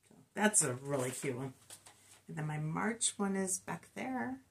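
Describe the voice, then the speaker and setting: A middle-aged woman co-hosts a cross-stitch channel, chatting casually and joking at her own expense as she reports her stitch counts. Her voice is low-pitched with big pitch swings, a measured pace, and vocal fry.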